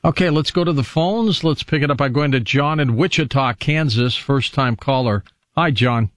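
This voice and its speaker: A man hosting a call-in radio show, taking calls and putting questions to his guest in a brisk, conversational way. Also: mid-range voice, fairly bright tone, no room sound, studio quality. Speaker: radio talk show host.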